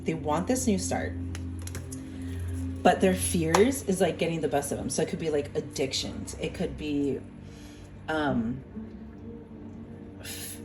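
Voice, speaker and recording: A woman's voice: fairly low pitch, rough recording. Chatty young woman giving a tarot reading. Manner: chatty, lots of "like" and "okay?", laughs and apologizes. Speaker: tarot reader. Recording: music playing behind voice.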